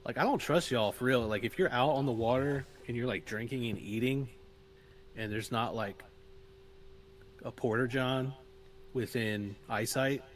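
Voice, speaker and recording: A man's voice: mid-range voice, slight background noise. A man co-hosting a casual fishing podcast, riffing with dry jokes and swearing casually. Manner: dry joking, drawn-out riffs, swears casually. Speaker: podcast co-host. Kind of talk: casual chat.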